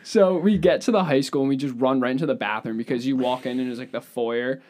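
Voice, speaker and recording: A man's voice: mid-range voice, fast talker, a little mellow. A young man hosting a casual chat, telling a story in a laid-back, slangy way. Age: young adult. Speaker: podcast host.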